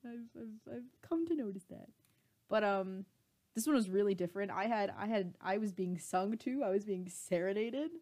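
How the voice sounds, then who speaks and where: A woman's voice: mid-range voice, normal speed, a little mellow. A woman in her twenties, a podcast co-host in casual chat, rambling and laughing often and poking fun at herself. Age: 20s.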